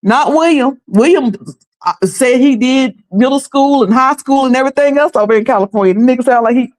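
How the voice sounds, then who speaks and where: A woman's voice: high voice, a little fast, darkish tone. Chatty woman in her fifties. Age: 50s. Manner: chatty, laughs often, many restarts. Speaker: commentary channel host. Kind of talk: casual commentary.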